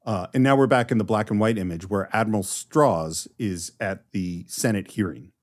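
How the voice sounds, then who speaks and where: A man's voice: on the low side, moderate pace. Guy on a movie podcast explaining scenes, keeps restarting sentences. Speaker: podcast co-host. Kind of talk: casual film discussion.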